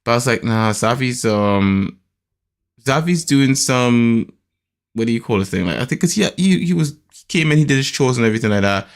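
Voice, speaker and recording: A man hosting a podcast, telling a family story in a hesitant, animated way and mimicking a child's voice. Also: moderate pace. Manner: animated storytelling, acts out his son's high voice; hesitant, many restarts and fillers. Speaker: podcast host. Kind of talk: casual chat.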